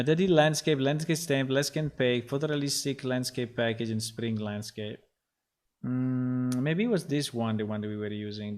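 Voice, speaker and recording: A man casually talking through his game development work on a livestream, rambling and muttering to himself as he goes. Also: mid-range voice. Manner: rambling, talks to himself, gets frustrated and swears.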